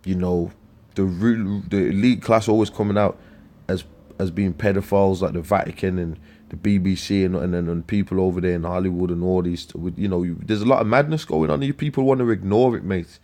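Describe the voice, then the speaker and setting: A man preaching scripture in a profane, scornful rant, with slang, repeated words and sudden loud outbursts. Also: low voice, fairly even intonation, a little fast. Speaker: street preacher.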